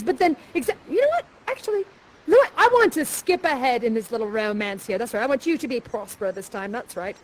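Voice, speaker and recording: Playful high-voiced woman directing a live show. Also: animated, fast talker. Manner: playful, theatrical, directing others, repeats "that's right". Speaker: actor guiding players through a live show. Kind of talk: interactive live theater.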